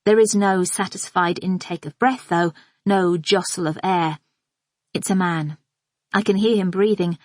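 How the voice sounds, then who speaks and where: A woman reading a first-person thriller in a measured, observant, inward manner. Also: fairly low pitch, steady tone, dry recording, studio quality. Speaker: audiobook narrator. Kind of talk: scripted first-person narration.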